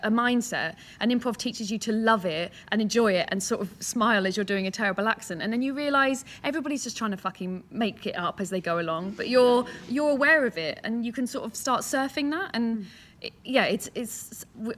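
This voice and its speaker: Bright-voiced woman on a panel. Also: mid-range voice. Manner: animated, quick to jump in and explain. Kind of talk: live post-show panel chat. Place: theatre stage with live audience.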